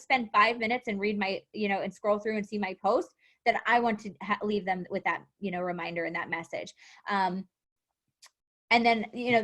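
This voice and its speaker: A young adult woman coaching her team in a motivational live talk, animated, acting out quotes and laughing often. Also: medium pitch. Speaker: fitness coach.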